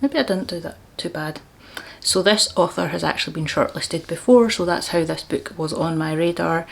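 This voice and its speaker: A woman's voice: fairly low pitch, moderate pace, vocal fry. A woman vlogging about books, chatty and enthusiastic, with frequent laughs. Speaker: book vlogger. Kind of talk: casual book chat.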